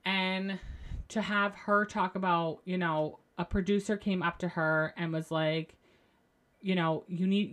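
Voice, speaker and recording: A young woman hosting a casual solo podcast, recapping reality shows in a gushing, animated way and swearing freely. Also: on the low side. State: going through postpartum depression. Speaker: podcast host.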